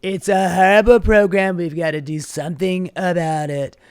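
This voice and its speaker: A man putting on the voice of a boastful, aggrieved older politician, loud and blustery. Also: high voice, steady tone, normal speed, clean tone, no room sound, studio quality. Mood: indignant.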